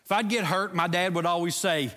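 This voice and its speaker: A man's voice: sits high, fairly quick, pushed and bright. A middle-aged man, a pastor, preaching a sermon with a story and then leading an earnest prayer. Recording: long hall reverb.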